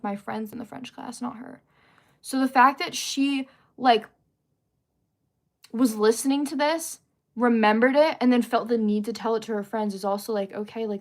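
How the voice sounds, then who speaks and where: A young woman tells a long story on a casual livestream. Her voice sits a little high, and her delivery is animated and chatty. She keeps breaking off to greet her viewers. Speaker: livestream host.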